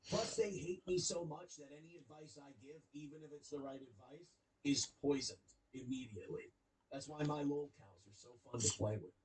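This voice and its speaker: A man's voice: a little high, normal speed, a little mellow, poor audio. A man played as a clip, confidently lecturing about handling internet trolls. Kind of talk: casual chat.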